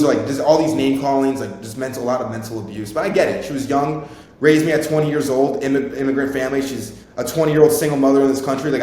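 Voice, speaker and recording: A young man in his twenties, a podcast host telling a rambling, informal personal story and swearing freely. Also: a little mellow. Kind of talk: casual storytelling. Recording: very echoey room, faint rumble.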